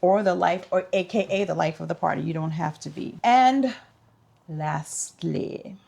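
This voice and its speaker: A woman's voice: fairly low pitch, a little slow, vocal fry, a little mellow. A woman vlogger giving casual tips in an upbeat, chatty, instructive way.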